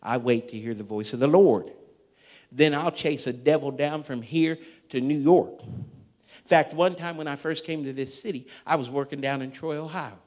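A man preaching a sermon and telling a story, emphatic and dramatic, swinging between loud and hushed. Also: mid-range voice, normal speed. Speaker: pastor.

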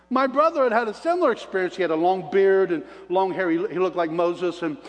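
High-voiced man preaching in an echoing hall. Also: normal speed. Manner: animated storyteller with preacher call-outs to the crowd; folksy self-described redneck talk. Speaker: preacher giving his testimony. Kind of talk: sermon testimony. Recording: long reverb of a large hall.

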